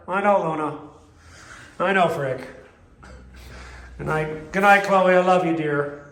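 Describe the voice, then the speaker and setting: A man at an animal shelter chats through the kennels at night and drops into soft baby talk with the dogs. His voice sits a bit high for a man. The hard kennel room gives it a ringing echo, with a faint hiss of noise underneath. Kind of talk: casual walkthrough vlog.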